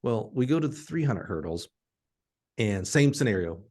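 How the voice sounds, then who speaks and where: A middle-aged man from Alabama, hosting a podcast and telling a story in an animated, laughing way. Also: lowish voice, fairly quick. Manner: animated, laughing storyteller who acts out quotes. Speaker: podcast host.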